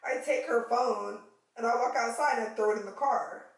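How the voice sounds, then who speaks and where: A woman vlogger telling a story to her viewers in casual, animated talk, swearing now and then and calling them y'all. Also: a little high, moderate pace, heavy reverb, far from the mic, low-quality recording.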